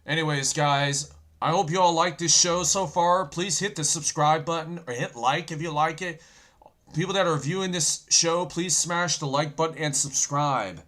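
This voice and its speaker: A man hosting an end-times prophecy channel, talking loudly and excitedly while browsing news, with a sore throat and a habit of saying "folks". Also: a little high, moderate pace. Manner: loud and excited, often yelling, says "folks" constantly.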